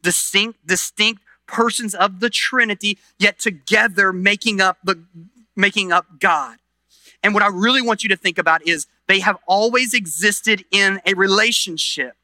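A middle-aged pastor preaches a sermon earnestly, his voice sitting high and moving at normal speed with no echo. He swings between loud emphasis and quiet intensity and often restarts his phrases.

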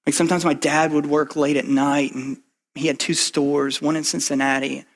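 A man preaches a sermon with a slightly high-pitched voice. He talks fast and loose, dropping in "like" and checking in with "right?" as he walks through the passage. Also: flat delivery. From Kentucky. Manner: conversational, fast, lots of "like" and "right?". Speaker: pastor.

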